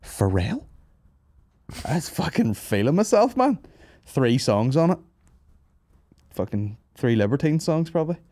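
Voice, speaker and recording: A man's voice: on the high side, very animated, moderate pace, pauses often, mellow, no echo. A young man hosting a comedy podcast, telling stories with lots of swearing and laughing asides. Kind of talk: casual banter.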